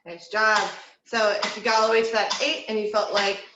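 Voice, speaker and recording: A woman's voice: medium pitch, level tone, brisk, noisy background. Woman vocal coach in an echoey room. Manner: encouraging, instructive, counts aloud. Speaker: vocal teacher. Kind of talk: online singing lesson, guiding breathing exercises. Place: home room.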